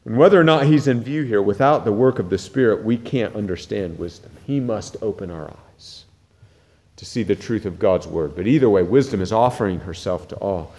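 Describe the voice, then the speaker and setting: A man preaching a sermon with earnest urgency, rising loud and dropping to a hush. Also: on the low side, normal speed, big-room sound. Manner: earnest, swings from loud urgency to hushed intensity. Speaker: pastor.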